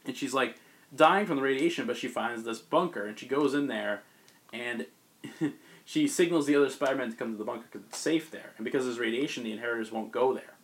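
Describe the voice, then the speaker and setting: A podcast host recaps a comic book plot in casual chat, his medium-pitched male voice moving briskly. He rambles like a storyteller and acts out the characters' lines as he goes.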